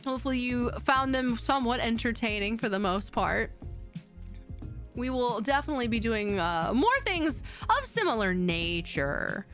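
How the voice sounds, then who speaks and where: Faint music plays behind a woman whose voice is slightly high and a bit bright, with lively intonation at a moderate pace. She's a VTuber finishing up a casual chat stream, chatty and giggly, rambling and reading chat out loud.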